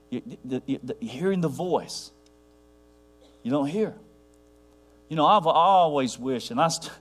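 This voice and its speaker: A man preaching a sermon to a congregation, rambling with restarts and dropping to a near hush for his quiet points. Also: on the high side. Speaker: pastor.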